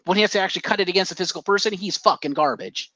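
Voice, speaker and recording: A man's voice: sits high, racing, pushed and bright, no echo. A man co-hosting a casual podcast, telling a story with energy and swearing freely. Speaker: podcast co-host. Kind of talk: casual chat. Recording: dull lo-fi dry sound.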